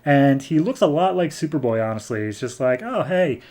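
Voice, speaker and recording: A man hosting a comic book podcast, recapping an issue in loose, chatty talk and slipping into quick character voices. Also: mid-range voice, expressive, dark tone.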